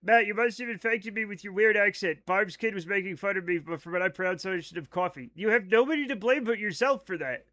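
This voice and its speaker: A man's voice: high-pitched, a little fast, hardly any pauses, bright, forceful tone. A man with a Rhode Island accent, chatting casually on a live game stream, rambling as he reads chat aloud and riffs on it.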